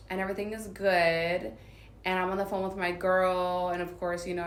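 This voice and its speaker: Recorded with a roomy echo and slight background noise, a Southern California vlogger with a lowish, slightly bright voice recounts a personal story. She talks casually and rambles, leaning heavily on filler words.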